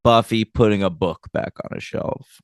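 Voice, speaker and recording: A man's voice: fairly low pitch, moderate pace, smooth, no echo, clean studio sound. A man co-hosting a podcast, chatting casually and animatedly as he recaps a TV episode, teasing his co-host and laughing often.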